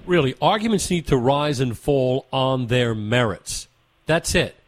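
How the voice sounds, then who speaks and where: A man's voice: mid-range voice, lively intonation, unhurried, slight background noise. A man hosting a talk radio show, delivering opinionated commentary with emphatic, rhetorical repetition.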